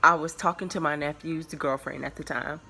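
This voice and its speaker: A woman's voice: low-pitched, moderate pace. A woman in her early twenties telling viewers a personal story in a casual, rambling way, full of filler words and restarts. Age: early 20s. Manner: relaxed, confiding tone addressed to viewers.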